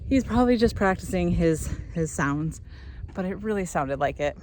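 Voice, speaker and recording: A young woman talks in a chatty, rambling way while hiking outdoors, a little out of breath. Her voice sits a bit low for a woman. The recording comes from a camera in her hand, with steady outdoor noise behind her. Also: moderate pace. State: slightly out of breath. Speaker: vlogger. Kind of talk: casual walking vlog.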